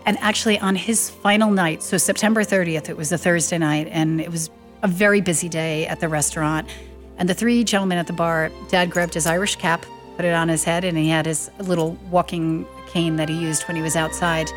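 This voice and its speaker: A woman with a fairly low voice tells a family story as a lively storyteller. She acts out the people she quotes, lifting her voice for their lines. Soft music plays faintly behind her. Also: brisk. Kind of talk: anecdotal storytelling.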